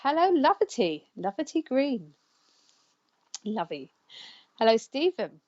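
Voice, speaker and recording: A woman's voice: sits high, very animated, slow pace, highs cut off. Chatty woman hosting a live show. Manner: chatty, laughs often, stumbles over names. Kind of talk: casual live-stream chat.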